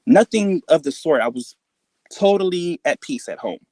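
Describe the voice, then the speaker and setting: A man recounting a frightening personal experience in casual, halting speech, full of fillers and restarts, jumping up in pitch to act out quoted dialogue. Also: animated, a little mellow, dry recording. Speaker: guest telling a personal encounter story.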